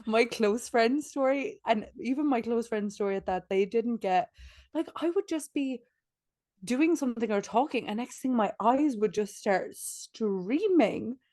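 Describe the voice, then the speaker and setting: A woman's voice: a little high, expressive, measured pace, a little mellow, no echo, clean studio sound. A woman in her late twenties co-hosting a podcast from bed, chatting in a rambling way with lots of "like" and frequent laughs. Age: late 20s. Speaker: podcast co-host. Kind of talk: casual chat.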